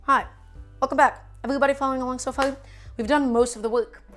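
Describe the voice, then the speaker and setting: A woman's voice: sits high, steady tone, fast. Young woman, cooking streamer, casual and playful, home kitchen, light music underneath. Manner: chatty, playful, answers chat questions.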